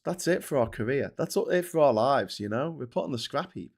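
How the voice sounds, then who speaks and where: A man's voice: medium pitch, expressive, normal speed, creaky. Sarcastic, swearing man ranting. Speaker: host. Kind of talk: casual political commentary.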